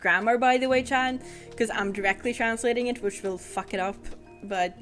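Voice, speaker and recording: A woman's voice: on the high side, fairly even intonation, normal speed, a bit bright, faint music behind. A woman whose first language is Swedish, chatting playfully with her audience while streaming a game, giggling often. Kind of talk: casual game-stream chat.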